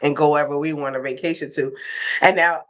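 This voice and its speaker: A woman's voice: low-pitched, steady tone. A woman co-hosting a casual talk podcast, telling stories with frequent laughs. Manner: storytelling, laughs often, slow drawn-out phrasing. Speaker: podcast co-host. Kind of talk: casual chat.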